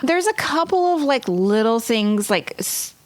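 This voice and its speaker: A woman co-hosting a podcast, blunt and opinionated in casual chat and quick to laugh. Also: fairly high pitch, very animated, dry recording. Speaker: podcast co-host. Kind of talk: casual chat recapping a reality show.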